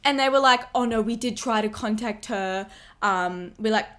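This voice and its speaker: Bright young woman recounting a story. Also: a little high, moderate pace. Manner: animated, acting out quoted lines, swearing. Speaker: guest, host's sister. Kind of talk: casual storytelling chat.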